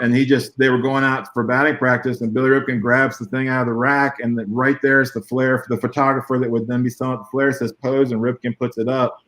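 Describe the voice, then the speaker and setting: A man, a guest artist, chatting casually over a video call and telling stories in a rambling, animated way with small chuckles. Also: mid-range voice, poor audio. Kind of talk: casual conversation.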